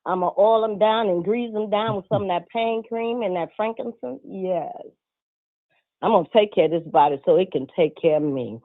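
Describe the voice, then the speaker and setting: A woman's voice: mid-range voice, moderate pace. An older woman speaking as a guest on a call, folksy and encouraging, dropping in "uh-huh" and "baby" as she goes. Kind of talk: motivational call-in talk. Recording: tinny phone line.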